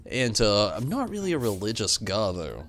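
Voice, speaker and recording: A man streaming games, chatting casually and telling rambling, animated stories full of fillers. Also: fairly low pitch, moderate pace. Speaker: game streamer. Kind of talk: casual chat while streaming.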